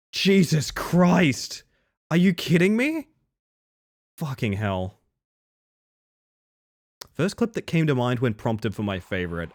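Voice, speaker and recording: A young male streamer talks casually with his chat, his voice bouncing around with lots of pitch movement and sitting a little above the usual male pitch. He swears freely and keeps things loose and chatty. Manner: animated, profane, chatty with viewers. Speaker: livestreamer.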